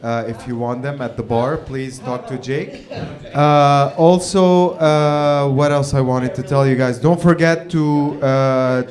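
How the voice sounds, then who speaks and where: A man's voice: medium pitch, fairly even intonation, slow pace, a little mellow. A man hosting an open mic night, giving loose closing announcements with many fillers. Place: bar open mic stage.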